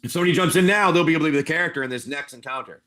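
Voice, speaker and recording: A man's voice: fairly high pitch, very fast, sharp tone. A man improvising tabletop game narration on a live stream as game master. He rambles and corrects himself as he goes. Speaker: game master and livestream seller.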